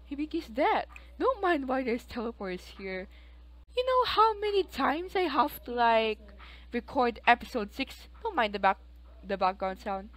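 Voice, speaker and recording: A woman's voice: high voice, rough recording. A woman giving chatty, rambling commentary while playing a life-simulation game, with frequent exclamations. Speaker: let's play host. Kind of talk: casual gameplay commentary.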